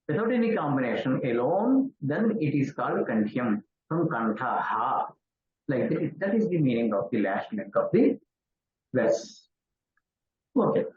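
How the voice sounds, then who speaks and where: An older man from India with an Indian accent, lecturing slowly and deliberately as a Sanskrit professor, spelling out syllables with many pauses. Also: medium pitch. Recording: echoey room over a tinny phone-like line.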